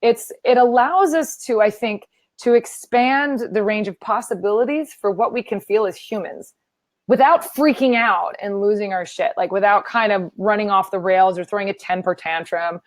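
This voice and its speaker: A woman's voice: medium pitch, normal speed, dry recording. A woman guest, a yoga teacher, chatting casually and playfully acting out her own inner voice. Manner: animated, self-deprecating, acts out her inner voice. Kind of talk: casual interview chat.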